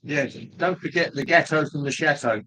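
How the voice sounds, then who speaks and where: Chatty man with a higher voice. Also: sharp tone, a little hiss or hum, rough recording. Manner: rambling, jokey, pauses with ums. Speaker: livestream host. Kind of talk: casual chat with viewers.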